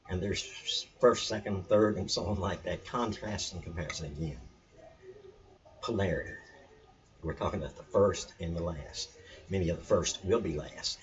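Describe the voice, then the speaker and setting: A man's voice: deep voice, distant mic. A man teaching about scripture in an earnest, emphatic way that repeats its points. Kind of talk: spiritual teaching talk. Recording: dull lo-fi sound, mic set back.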